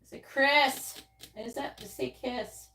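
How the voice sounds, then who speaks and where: A woman's voice: high-pitched, fairly even intonation, slow, pushed and bright, a little hiss or hum, poor audio. A woman giving a casual live-stream tarot reading, blunt and chatty, who swears and repeats her questions to the cards. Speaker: tarot reader.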